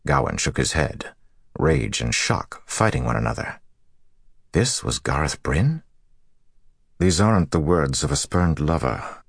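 A man narrating a fantasy audiobook in a steady, even storytelling voice. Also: a bass voice, gravelly, breathy edge, dry recording, clean studio sound.

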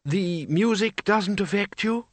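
A man voicing an elderly undead male wizard who speaks slowly, mildly and gently. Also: high voice, no room sound, pitched above the performer's own voice. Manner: slow, gentle, mild.

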